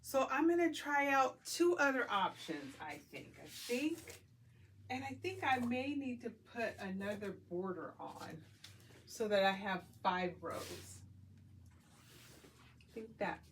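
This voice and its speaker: A woman's voice: on the high side, sing-song, slow, slight background noise. A middle-aged woman talking casually as she works on a quilt, thinking aloud and laughing often. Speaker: quilting vlogger. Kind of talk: casual talk while working.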